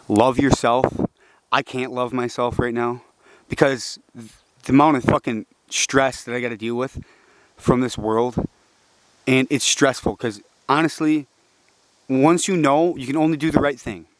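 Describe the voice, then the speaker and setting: A young man in a rambling, profane monologue, agitated and preachy, dropping to low, frustrated mutters. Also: fairly even intonation, slow pace, pauses often, dry recording. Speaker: vlogger.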